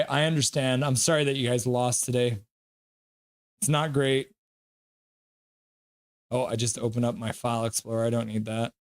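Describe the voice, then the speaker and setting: Reading viewers' chat aloud and whooping excitedly, a young man with a mid-range voice casually hosts a live hockey reaction stream.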